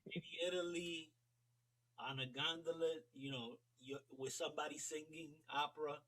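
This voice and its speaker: A man's voice: a little high, fairly even intonation, normal speed, sharp tone, rough recording. An American man chatting casually as a regular on a talk show, telling rambling, amused stories. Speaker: regular guest. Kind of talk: casual chat.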